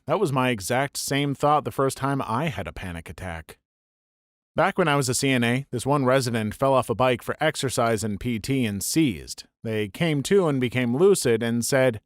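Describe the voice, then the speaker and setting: Guy reading out stories, steady even delivery, dry close sound. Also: mid-range voice, normal speed, no echo. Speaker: narrator reading online stories. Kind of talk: scripted story narration.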